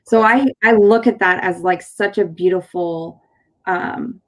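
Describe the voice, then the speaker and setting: A woman in her thirties, a San Diego chiropractor who hosts a show, speaks in a low-leaning voice at a measured pace. In casual conversation she tells a personal story with animation, acting out what people said and frequently filling and restarting.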